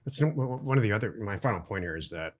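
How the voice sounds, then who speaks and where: Low-voiced middle-aged man co-hosting a podcast. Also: expressive, very fast. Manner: explains plainly, blunt opinions. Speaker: podcast co-host. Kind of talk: casual business podcast chat.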